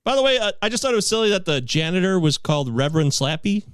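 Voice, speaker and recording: A man casually chatting on a movie podcast, rambling and animated, swearing now and then. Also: high voice, quick pace, clear, resonant tone, no room sound, clean studio sound. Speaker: podcast host. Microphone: sharing a podcast mic.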